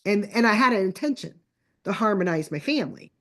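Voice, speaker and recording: A middle-aged woman telling a family story in casual conversation, chatty and animated, acting out the lines of her relatives. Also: medium pitch, brisk. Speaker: guest. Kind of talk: casual storytelling on a podcast call.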